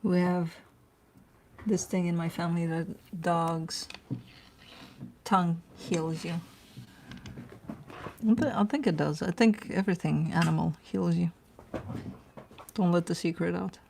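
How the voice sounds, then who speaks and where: A woman's voice: on the low side, fairly even intonation, measured pace, gravelly, pauses often, mellow, a little hiss or hum. A woman who reads tarot, chatting casually on a live stream at home and cooing over her dogs between remarks.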